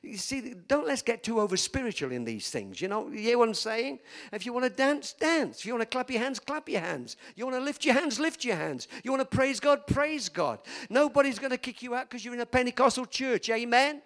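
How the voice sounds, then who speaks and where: A man's voice: extremely high pitch, big pitch swings, brisk, fairly bright tone. A man preaching a sermon in a church, emphatic and calling for amens from the congregation. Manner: emphatic, call-and-response preaching.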